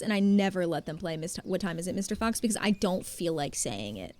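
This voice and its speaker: A young woman chatting casually while streaming a game, talking to her viewers in an animated, chatty way. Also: medium pitch, fairly quick, slight background noise. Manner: chatty and animated, talks to chat. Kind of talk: casual gameplay commentary.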